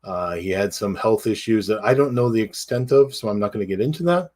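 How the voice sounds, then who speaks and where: A man co-hosting a podcast, talking in a halting, casual way with many fillers and restarts. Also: on the low side, lively intonation, a little mellow. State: tearful. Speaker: podcast co-host. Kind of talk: casual chat.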